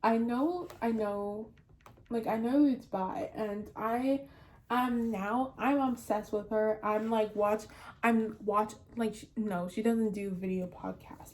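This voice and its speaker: Slow, rambling young woman reviewing a book. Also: mid-range voice, darkish tone. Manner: rambling, many fillers and restarts, giggly. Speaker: book vlogger. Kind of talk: casual book review chat.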